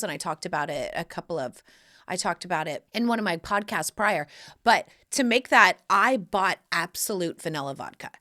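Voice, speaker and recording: A woman in her forties hosting a podcast, telling stories in a lively, casual chat full of fillers. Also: lowish voice. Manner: animated, chatty storytelling with lots of fillers. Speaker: podcast host. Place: room of a home studio.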